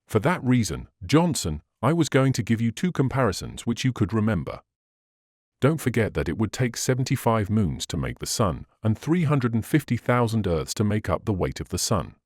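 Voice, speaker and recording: Guy voicing a patient know-it-all doctor, lowish voice, lively ups and downs. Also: normal speed, no room sound, clean studio sound. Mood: explaining. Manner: patient, explanatory. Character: learned talkative male doctor explaining science.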